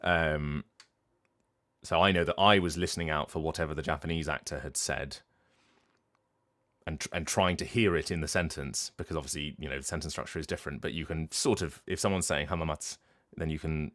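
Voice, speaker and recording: A man with a very deep voice talks casually on his livestream. As a voice actor, he explains his craft thoughtfully and often stops to restart a sentence. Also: steady tone, a little fast, fairly bright tone. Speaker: voice actor and streamer.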